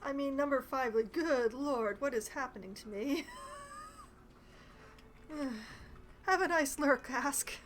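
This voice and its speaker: A woman streaming a video game, talking casually to her viewers. Her voice sits high, and she reacts expressively, mocking herself when things go wrong. There is a faint ambient hum behind her. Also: takes it slowly, long pauses. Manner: expressive, self-mocking, groaning at failures.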